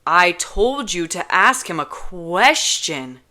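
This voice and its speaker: A woman voicing an impatient, blunt young man in a storybook reading, speaking slowly and loudly with annoyance. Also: low-pitched, steady tone, clean tone. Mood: exasperated. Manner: slow, loud, annoyed.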